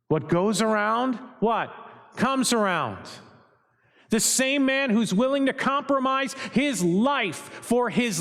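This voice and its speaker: A male pastor preaching with a high, bright voice, emphatic and quick to toss rhetorical questions at his listeners. He is recorded in a church sanctuary, and a long hall reverb follows his words. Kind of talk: sermon.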